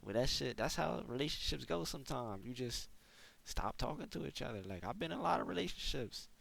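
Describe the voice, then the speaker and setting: A man's voice: medium pitch, lively intonation, fairly quick, creaky, fairly bright tone. A young man telling a casual storytime to his viewers in a slangy, laid-back way, saying "bro" again and again. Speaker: gaming storyteller.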